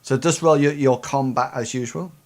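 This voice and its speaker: A man's voice: medium pitch, fairly even intonation, normal speed, a little mellow. A man narrating as game master of a tabletop role-playing game, explaining rules and describing combat with many hesitant fillers.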